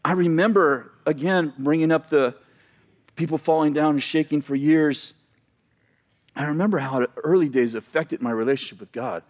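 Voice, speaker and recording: High-voiced man preaching animatedly. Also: moderate pace. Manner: animated preaching that swings between shouting and quiet asides. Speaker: pastor. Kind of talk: sermon. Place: church sanctuary.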